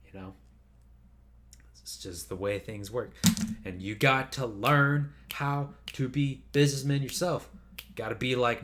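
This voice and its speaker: A man's voice: medium pitch, a little slow, a bit bright, a little hiss or hum. A man vlogging in a loose, rambling monologue, swearing casually and padding with fillers and restarts.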